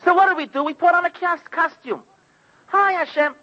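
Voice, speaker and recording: High, bright-voiced impassioned preacher man. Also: fast. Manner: impassioned storytelling, acting out quoted voices. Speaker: rabbi giving a sermon. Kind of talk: sermon. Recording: dull lo-fi recording.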